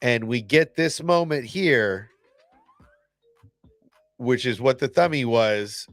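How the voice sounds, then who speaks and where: A man hosting a casual fan reaction video, excitable and blunt, swearing and restarting his sentences often. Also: mid-range voice, slow pace, no room sound, faint music behind.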